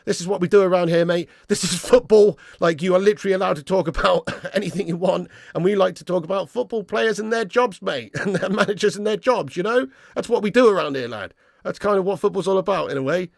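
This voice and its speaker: Blunt, sweary live-stream host. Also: male voice, high-pitched, fast, creaky, no echo, studio quality. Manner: blunt, sweary, reads chat comments aloud. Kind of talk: casual live stream chat.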